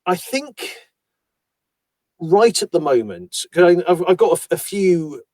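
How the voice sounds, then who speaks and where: Chatty audiobook narrator from Yorkshire. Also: male voice, high voice, a little slow, dry recording. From Yorkshire, England. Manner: animated, chatty storyteller who slips into accents. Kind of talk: casual conversation about voice work.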